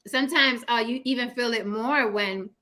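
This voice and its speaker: Host, woman; bright, slightly high voice, animated casual talker. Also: moderate pace. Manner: animated, acts out fake crying in high squeals. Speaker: podcast host. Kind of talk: casual chat.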